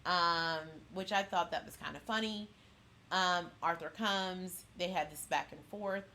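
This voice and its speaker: A woman's voice: on the low side, unhurried, sharp tone. A woman hosting a pop culture channel, casually recapping an episode in a rambling way full of fillers and restarts.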